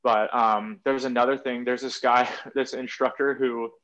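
A man's voice: medium pitch, little pitch movement, moderate pace, fairly bright tone. A man telling stories in a loose, rambling way, full of fillers and casual swearing. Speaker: guest. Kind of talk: casual conversation. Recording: slightly muffled audio.

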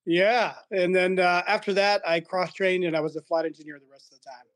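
Middle-aged man, high voice, laid-back podcast guest who laughs through his anecdotes. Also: fairly even intonation, a little fast, fairly bright tone. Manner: chuckling, acts out quoted dialogue. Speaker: podcast guest, retired aircrew. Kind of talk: casual storytelling chat.

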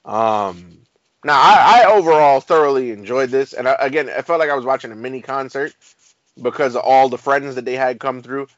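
A man's voice: mid-range voice, fairly quick, no room sound. New guy gabbing casually, lots of ums, dry dull-sounding mic. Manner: animated, laid-back slang, frequent fillers. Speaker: podcast co-host. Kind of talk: casual chat. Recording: dry, slightly dull recording.

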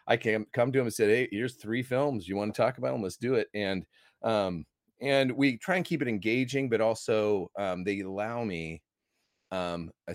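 A man's voice: sits low, no room sound, clean studio sound. A middle-aged American man, a guest movie critic, telling his story in a rambling, enthusiastic way. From United States. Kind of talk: casual interview talk.

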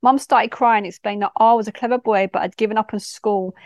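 A woman's voice: mid-range voice, fairly even intonation, brisk, darkish tone, dry recording, clean studio sound. A woman, a youth worker reading a personal story in a direct, no-nonsense way. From London.

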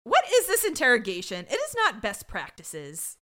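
A woman's voice: fairly high pitch, huge pitch swings, normal speed, sharp tone. A woman co-hosting a podcast, retelling an episode sarcastically and acting out the characters' lines. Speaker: podcast co-host. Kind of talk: casual recap chat.

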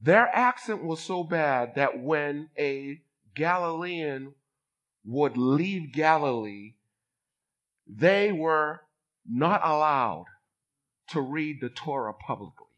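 A man in his fifties from Boston delivers a sermon with a bright, forceful tone. His voice sits a little high and swings widely as he draws the congregation in. He calls out for a response as he preaches. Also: expressive, takes it slowly, lo-fi sound. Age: 50s. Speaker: bishop.

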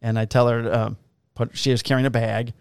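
A man's voice: medium pitch, little pitch movement, brisk, darkish tone, clear, resonant tone, no echo. A man, a police officer, casually telling profane, laughing stories about his shifts. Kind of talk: casual storytelling on a podcast.

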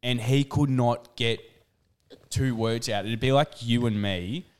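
A man's voice: mid-range voice, unhurried, clear, resonant tone. A man in his twenties co-hosting a comedy podcast, telling stories animatedly and casually. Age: 20s. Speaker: podcast co-host. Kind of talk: casual chat.

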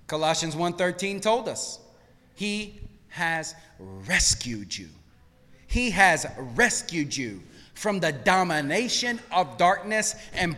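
A male pastor preaching a sermon, swinging between hushed lines and shouted peaks. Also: high-pitched, big-room sound. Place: church sanctuary.

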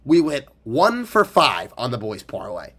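A man's voice: medium pitch, wildly swooping pitch, a little slow, a bit bright. A young man in college co-hosting a podcast, telling a story in casual chat, teasing and swearing freely. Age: young adult. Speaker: podcast co-host.

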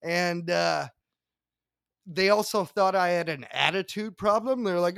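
A man with a high voice, a gravelly edge and a dry, close sound. He jokes loosely and laughs often while telling stories as a podcast guest. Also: unhurried, a bit bright, no echo. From Ontario, Canada. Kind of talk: casual podcast banter.

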